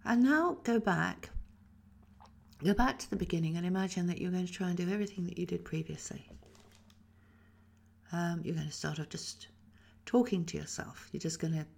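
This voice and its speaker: A woman who is a voice teacher, calmly guiding a voice exercise and demonstrating the sounds herself. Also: fairly low pitch, moderate pace, vocal fry. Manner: calm, instructive, demonstrates sounds. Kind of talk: guided voice exercise.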